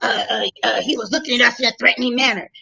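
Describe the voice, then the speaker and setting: A woman telling a story in casual talk, animated and profane, loudly acting out her own lines. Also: on the high side, quick pace, gravelly, husky, highs cut off.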